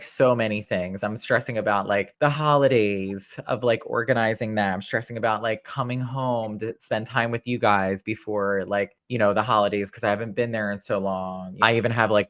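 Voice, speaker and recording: A man's voice: lowish voice, a bit bright. A man in his thirties co-hosting a casual podcast, rambling with lots of fillers about his worries. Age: 30s. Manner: rambling, filler-heavy, confessional. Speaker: co-host.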